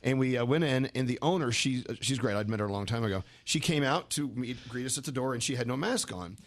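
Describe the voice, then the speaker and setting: A man hosting a radio morning show, chatting and telling stories in casual banter. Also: medium pitch. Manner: chatty, storytelling, quick and animated. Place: radio studio.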